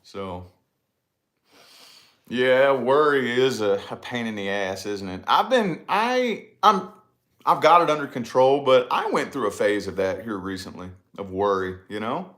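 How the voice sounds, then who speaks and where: A man in his thirties co-hosting a casual chat, telling a story with swearing and voice jumps when he gets excited. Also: medium pitch, measured pace. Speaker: podcast co-host.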